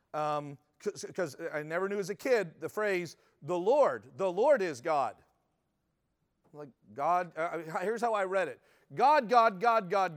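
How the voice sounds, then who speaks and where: Guy pastor preaching, kinda high voice, chatty, keeps asking the room stuff. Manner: conversational, restarts often, asks the room questions. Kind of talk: sermon teaching.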